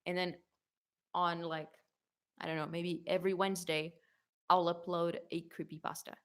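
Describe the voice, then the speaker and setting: A young woman in a casual Q&A video, reading viewer comments aloud and answering them in a chatty, rambling way, full of "like" and quick self-corrections. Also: lowish voice, level tone. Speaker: YouTube singer answering fan questions.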